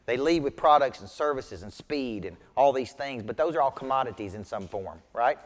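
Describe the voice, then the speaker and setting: A man's voice: mid-range voice, expressive, moderate pace. A man working as a business coach, giving a motivational sales training talk to a group at tables, with emphatic, punchy repetition. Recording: reverberant hall sound.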